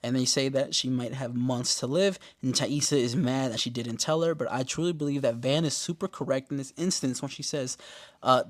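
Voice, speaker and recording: A man hosting a casual podcast recap, joking and swearing in loose slang, sometimes breaking into loud, high-pitched exclamations. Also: fairly even intonation, a little fast. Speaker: podcast host.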